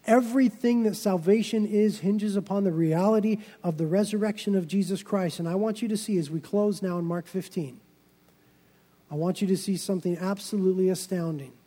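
A man with a high-pitched voice preaches a sermon. He swells into loud, emphatic passages and then drops low and quiet. A long hall reverb trails after every phrase. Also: fairly quick. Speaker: pastor.

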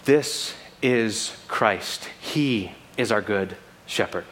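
A male pastor preaching a sermon, animated and acting out the quoted lines. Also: lowish voice, very slow.

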